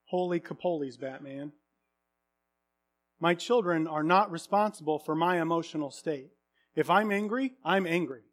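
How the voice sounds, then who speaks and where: A man in his thirties preaching a sermon, earnest, swinging from hushed confession to loud exclamations. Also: high-pitched.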